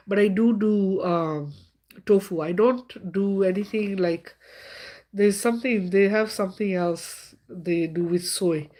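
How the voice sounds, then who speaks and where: A woman's voice: medium pitch, a little mellow. A middle-aged woman hosting a live stream in a casual, chatty way, with many fillers and frequent laughter.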